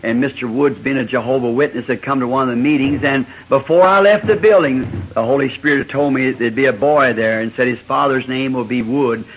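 A man's voice: mid-range voice, a little fast, few pauses, slight background noise. A man, a preacher telling a rambling, folksy anecdote during a sermon and chuckling as he goes. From Southern United States. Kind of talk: sermon storytelling. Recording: muffled lo-fi old tape recording.

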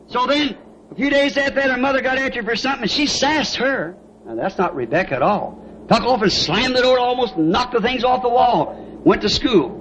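A man's voice: very high voice, expressive, brisk, fairly bright tone. A man preaching a sermon, telling family stories in a folksy way and often asking "See?". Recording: dull lo-fi old tape with faint hiss.

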